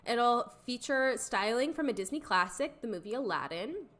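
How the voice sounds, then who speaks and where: A woman's voice: fairly high pitch, moderate pace. A young woman co-hosting a podcast, chatting and reading news items aloud. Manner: relaxed, reads news items aloud between banter. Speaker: podcast co-host. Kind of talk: casual chat.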